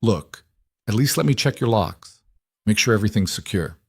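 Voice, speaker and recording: Man doing a dry, protective single dad in a storybook, lowish voice, very dry sound. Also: animated, normal speed, creaky, husky, no echo, heavily acted.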